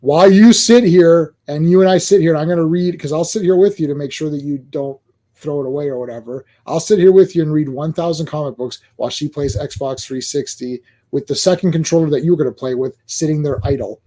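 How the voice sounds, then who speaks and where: A man with a high, light voice rambles through a casual podcast chat. He tells stories at length and often laughs at his own jokes. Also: fairly quick, mellow. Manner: rambling, self-amused storytelling. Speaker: podcast host.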